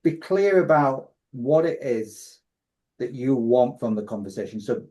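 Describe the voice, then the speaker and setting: A man's voice: medium pitch, expressive, measured pace, dark tone. A man hosting a coaching podcast, summing up advice point by point in a casual way with frequent restarts.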